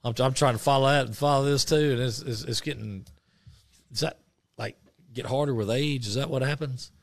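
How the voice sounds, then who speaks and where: A man co-hosting a radio show, chatting casually about sports and rambling through many halting restarts. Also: mid-range voice, gravelly, dry recording.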